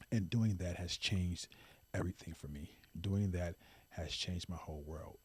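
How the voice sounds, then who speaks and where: Speaking unhurriedly in a low, slightly mellow voice with a breathy edge, a podcast host delivers a pleading, impassioned talk-show monologue. He leans on repeated emphasis to make his points, and the audio has no echo.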